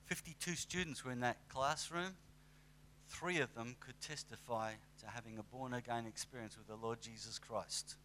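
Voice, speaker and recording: Lively conversational male preacher. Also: mid-range voice, normal speed, slight background noise. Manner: conversational, animated with acted asides. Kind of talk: sermon.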